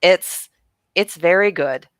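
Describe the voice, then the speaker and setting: An American woman co-hosting a podcast in casual chat, animated and quick to act out quotes. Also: fairly low pitch, clear, resonant tone, no room sound. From United States. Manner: animated, acts out quotes with laughs. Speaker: podcast co-host.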